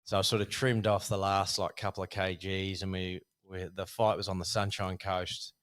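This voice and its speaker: A man, a guest telling a casual, animated story about his boxing past with many fillers. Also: deep voice, moderate pace, smooth. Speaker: podcast guest, former Thai boxer.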